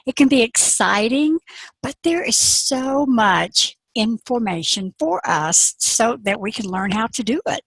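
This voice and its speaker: A woman's voice: on the high side, lively intonation, unhurried, fairly bright tone, breathy edge, no room sound, rough recording. A woman telling a folk tale in a chatty, conversational storytelling talk.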